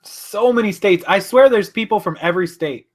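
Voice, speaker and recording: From his home office, a man with a high voice runs a relaxed live stream at a moderate pace. His talk is rambling and chatty; he fixes his own slips and replies to comments from viewers.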